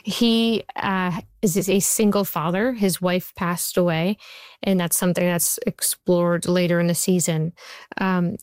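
A woman in her forties, a TV writer and showrunner, talking about her work in an interview as a chatty, animated storyteller with lots of fillers. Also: lowish voice, clean tone, dry recording, studio quality. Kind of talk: conversational interview.

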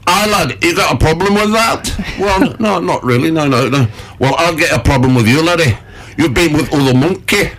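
A man putting on a gruff northern monkey puppet. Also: a little fast, fairly bright tone, slight background noise. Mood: aggressive. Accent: northern English, put on. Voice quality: high squeaky put-on voice. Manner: gruff, threatening, calls everyone laddie. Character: jealous cheeky male monkey puppet with gruff northern English voice.

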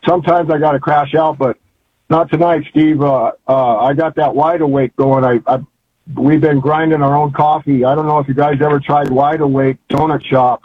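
A man's voice: a little high, steady tone, moderate pace, slightly rough, no room sound. An older man calling in to a radio show, talking in a rambling, folksy and fervent way. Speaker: caller. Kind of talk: phone-in chat. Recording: tinny phone line.

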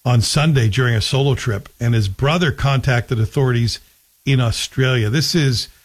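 A man's voice: medium pitch, normal speed, slightly rough. A man hosting a morning talk radio show, chatting wryly and mocking himself. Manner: wry, self-mocking, chatty. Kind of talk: casual talk radio commentary.

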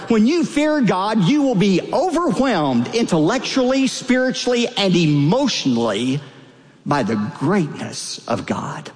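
Man preaching with lively rising emphasis. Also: sits high, long reverb tail. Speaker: pastor. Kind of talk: sermon.

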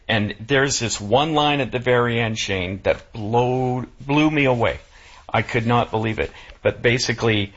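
Husky low-voiced man, halting and emotional. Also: a bit bright, dull audio. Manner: halting, many restarts and fillers. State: emotional, near tears. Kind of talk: casual chat.

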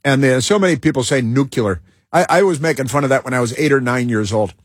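A man talks his way through a loose host monologue, stopping and restarting, leaning on uh and um as he goes. His voice sounds husky and a little rough, and the recording is dry and close with no room sound. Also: medium pitch, no echo. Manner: halting, with many fillers and restarts. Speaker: talk show host. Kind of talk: rambling talk show monologue.

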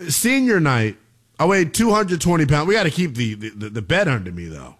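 A man's voice: fairly high pitch, big pitch swings, fairly quick. A man hosting a sports talk radio show, brash and joking.

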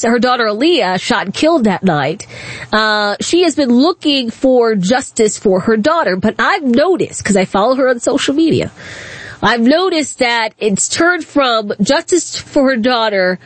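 A female talk radio host who talks bluntly and with indignation, breaking off and restarting as she goes. Her voice sits fairly high and comes through a dry, close studio microphone with no room sound. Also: animated, a little slow, no echo. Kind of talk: opinionated call-in talk.

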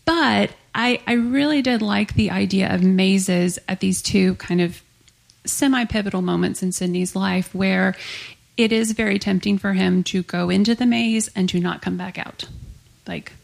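A woman's voice: mid-range voice, measured pace, creaky. A woman author talking casually in an onstage interview, chatty and full of fillers. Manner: chatty, many likes and ums. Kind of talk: conversational interview. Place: onstage at a live author event.

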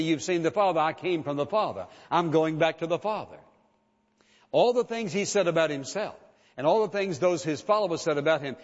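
A man preaching a sermon as pastor, emphatic and driving his points home with rhetorical questions and repetition. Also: on the high side. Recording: dull lo-fi sound with long hall reverb.

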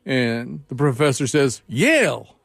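A man hosting an interview chat, telling stories in a lively way with many filler words. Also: mid-range voice, a little fast, no room sound, studio quality. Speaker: host.

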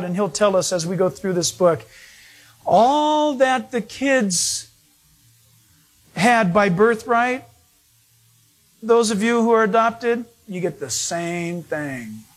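A man preaching a sermon as pastor, telling an anecdote in an animated, storytelling way and acting out the voices of the people in it. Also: high voice.

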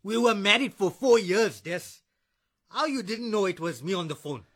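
An actor playing a drunk, abusive ex-husband who is a bullying cop, slurring and taunting. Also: male voice, high voice, lively intonation, moderate pace, a bit bright, breathy edge, heavily acted.

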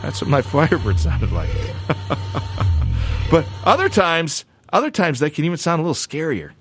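A man hosting a show segment, joking playfully and talking in a loose, animated way with many restarts and asides. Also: a little high, normal speed, over music. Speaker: show host.

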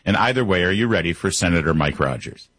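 A man's voice: low-pitched, animated, fast talker, a bit bright, dry recording. A man hosting a political talk show, opinionated and conversational, with frequent fillers. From Michigan. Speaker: talk radio host. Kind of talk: political commentary.

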